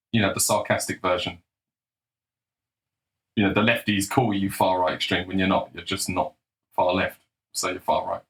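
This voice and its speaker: A man's voice: on the low side, fairly bright tone, poor audio. Blunt sarcastic man ranting. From England. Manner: blunt, combative, sarcastic, swears freely. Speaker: political commentator. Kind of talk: casual opinionated monologue.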